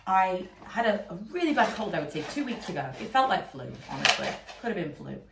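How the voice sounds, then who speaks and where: A woman's voice: medium pitch, sing-song, a little fast, vocal fry. A woman in her thirties, congested and sniffling from a cold, chatting casually and rambling with many fillers while she works at home. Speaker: vlogger and candle maker. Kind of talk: casual chat to camera. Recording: echoey room, mic a little far, noisy.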